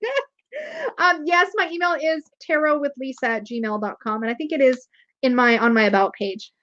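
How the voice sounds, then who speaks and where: Excitable woman stream host, high, gushing, dull lo-fi audio. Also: a little fast. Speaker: tarot reader and live stream host. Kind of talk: casual live stream chat.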